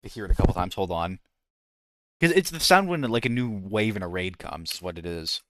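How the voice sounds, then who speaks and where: Casually chatting while he streams a game, a man speaks a little fast in a low-sitting voice with lively intonation. He rambles, interrupts himself, and pauses to try out voice impressions.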